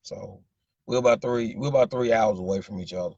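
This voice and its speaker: A livestream host with an Arkansas Southern accent rambles in a casual live chat with viewers, repeatedly saying "you know what I'm saying". His fairly low, slightly mellow voice moves briskly, and the lo-fi recording has no echo.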